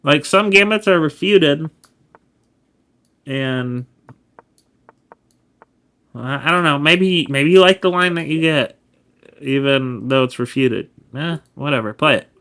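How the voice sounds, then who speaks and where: Male chess streamer, casual study commentary, slow drawn-out delivery, self-correcting. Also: on the high side, a bit bright. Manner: laid-back, explains as he goes, self-correcting.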